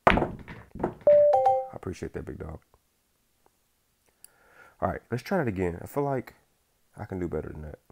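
A young man giving casual gameplay commentary, using slang and swinging between hushed focus and loud outbursts. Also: low-pitched, very animated, measured pace, creaky, pauses often. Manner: casual slang, says bro and y'all. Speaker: gaming YouTuber.

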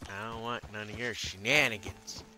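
A man's voice: fairly low pitch, steady tone, moderate pace, sharp tone. A man giving profane, self-talking gameplay commentary as he hunts and explores in a game. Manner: profane, mutters to himself while playing. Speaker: gaming channel host. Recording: noisy recording.

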